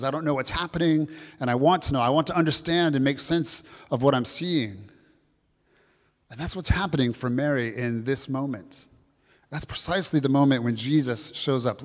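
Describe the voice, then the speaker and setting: A man's voice: mid-range voice, normal speed, long reverb tail. A man preaching a sermon, earnest and reflective, asking his listeners questions and reading scripture aloud. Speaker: pastor.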